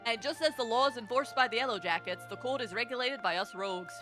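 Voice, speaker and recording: A woman's voice: on the high side, quick pace, music in the background, natural voice. A woman voicing a swaggering male rogue guildmaster, reading game dialogue aloud in a thick put-on Scottish-style accent. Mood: lecturing.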